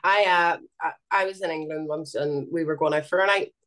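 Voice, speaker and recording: A woman's voice: deep voice, fairly even intonation, a bit bright. A woman with a Belfast accent, speaking earnestly as an interview guest and often stopping to restart her sentences. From Northern Ireland. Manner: earnest, halting with fillers and restarts. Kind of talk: interview conversation.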